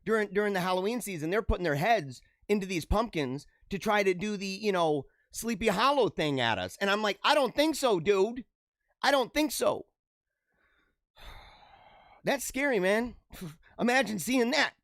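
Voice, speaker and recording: A man's voice: high-pitched, lively intonation, moderate pace, fairly bright tone, no room sound, studio quality. A middle-aged man hosting a show, giving rambling, joking commentary on the news and laughing often. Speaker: show host.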